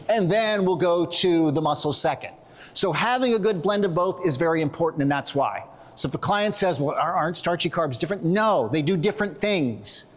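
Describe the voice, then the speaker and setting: Man, middle-aged, slightly high voice, blunt and joking, conference talk. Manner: blunt, joking, self-deprecating. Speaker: strength and conditioning coach. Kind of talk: conference lecture. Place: conference hall stage.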